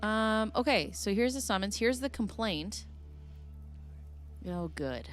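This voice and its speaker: A woman's voice: mid-range voice, animated, slow pace. A woman hosting a casual reaction commentary, goofy and giggly, rambling as she reads through documents. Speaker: host.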